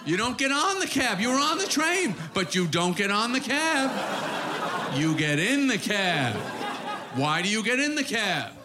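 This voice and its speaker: A middle-aged man performing a stand-up routine, animated and incredulous, with exaggerated repetitions. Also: high-pitched, measured pace. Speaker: stand-up comedian. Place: theater stage before a live audience. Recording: live stage recording with crowd and noise.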